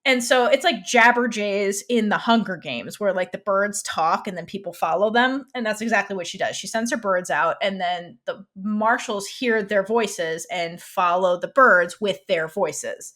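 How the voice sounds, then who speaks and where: A woman co-hosting a podcast, talking through an episode in loose, casual chat. Her voice sits at a middle pitch, and she rambles in an animated way, often breaking off to restart a thought. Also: unhurried, few pauses. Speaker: podcast co-host.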